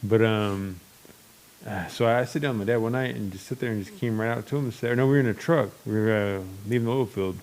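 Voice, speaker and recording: Young male podcast host, low gravelly voice, rambling and blunt. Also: fairly quick, a little mellow. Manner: rambling, many restarts and fillers; blunt and open. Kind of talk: casual chat.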